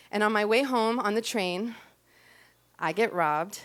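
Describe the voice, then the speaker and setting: A woman's voice: mid-range voice, measured pace. A woman telling a personal story on a club stage into a stage microphone, chatty and self-deprecating, with frequent ums and likes. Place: stage of a small club before a live audience.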